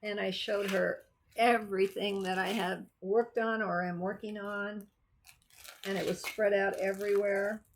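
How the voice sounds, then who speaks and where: A woman's voice: mid-range voice, level tone, measured pace, a little hiss or hum. A woman vlogger chatting casually about her cross stitch projects, rambling and thinking aloud as she goes. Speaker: craft vlogger. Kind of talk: casual chat.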